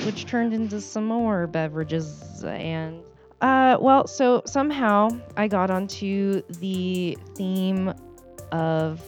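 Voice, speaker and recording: A woman's voice: mid-range voice, slow pace, lo-fi sound, faint music behind. A woman in her twenties co-hosting a podcast, telling a sheepish story in casual chat. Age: 20s. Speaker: podcast co-host.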